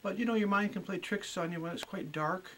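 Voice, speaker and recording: A middle-aged woman talks at an easy pace in her own home at night. Her storytelling is chatty and full of little pauses, ums and uhs. There is a faint background hum behind her. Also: medium pitch, low-quality recording. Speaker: homeowner and guest. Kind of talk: casual storytelling.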